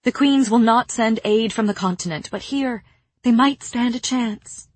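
A woman reading an audiobook, voicing a gentle, frightened young woman who pleads softly in a raised voice. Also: fairly high pitch, unhurried, husky, dry recording, pitched above the performer's own voice. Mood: pleading.

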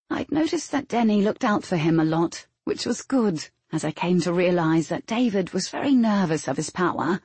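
A woman reading a first-person novel aloud in a steady, matter-of-fact storytelling manner. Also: on the low side, slightly rough, no room sound. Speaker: audiobook narrator. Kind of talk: first-person scripted narration.

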